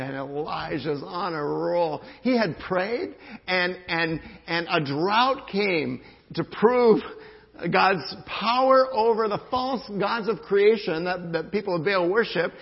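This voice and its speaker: A man preaching a sermon, telling the story with lively swings between loud calls and quiet asides. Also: high voice, slow pace, creaky, husky. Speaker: pastor. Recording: dull lo-fi sound in a reverberant hall.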